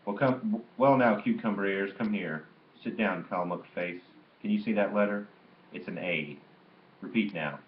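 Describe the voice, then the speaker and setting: Hoarse, ailing old grandfather, loud and gruff with a teasing streak, read by a man; low voice, roomy muffled recording. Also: moderate pace, natural voice. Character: hoarse, quick-tempered sick old grandfather.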